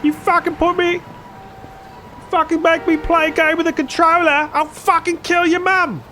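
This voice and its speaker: A man doing a comic impression of a furious man who yells and swears like a madman. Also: very high-pitched, level tone, slight background noise, voice pushed up. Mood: raging. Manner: yelling, drawn-out angry swearing. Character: loud swearing furious man, raging wildly. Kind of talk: comic impression while gaming.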